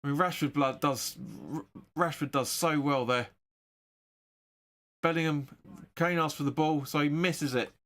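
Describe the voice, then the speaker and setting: A man hosting a football watch-along stream, giving excitable, sweary live match commentary. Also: fairly high pitch, measured pace, long pauses.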